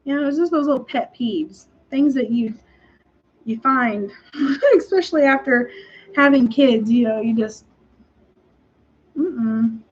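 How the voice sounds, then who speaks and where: A young woman, hosting a casual chat and telling stories in an animated, exasperated way with frequent laughs. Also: sits high, slow pace, pauses often, slightly rough. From Texas. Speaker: podcast host. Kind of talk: casual storytelling. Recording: dull lo-fi recording.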